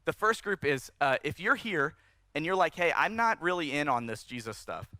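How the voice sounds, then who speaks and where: A man delivers a church sermon in a lively, conversational way, pushing his voice upward when he stresses a point. His tone is bright and forceful, sitting a little high for a man. The sound is dry and close, with little room in it. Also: normal speed, no echo. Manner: animated, conversational preaching with rising emphasis. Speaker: pastor. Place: church service.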